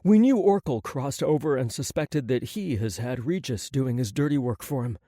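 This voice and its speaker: Man narrating a novel audiobook, lively pitch, dry close sound. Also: normal speed, no room sound. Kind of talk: first-person novel narration.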